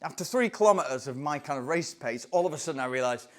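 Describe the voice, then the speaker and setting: A man from England, a running coach telling a story in an animated, excitable way. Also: on the high side, fast talker. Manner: animated, excitable, acts out voices in anecdotes. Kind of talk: casual storytelling to camera.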